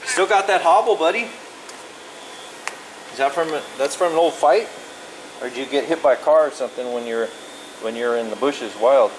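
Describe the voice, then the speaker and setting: A man's voice: medium pitch, normal speed, long pauses, low-quality recording. A man coaxing a cat in sing-song pet talk, repeating its name and asking it playful questions. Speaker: cat caretaker filming a feral cat. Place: indoors in a building with a cat. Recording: steady air conditioner hum.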